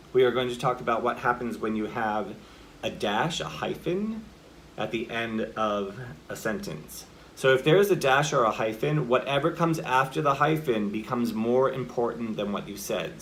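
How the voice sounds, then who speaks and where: A man's voice: medium pitch, a bit bright. Male acting coach for a casual video lesson: chatty and informal, heavy on filler words, demonstrates line readings himself, with a faint hiss behind him. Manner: chatty, explains by acting out example lines; loose, with many "like" and "you know" fillers.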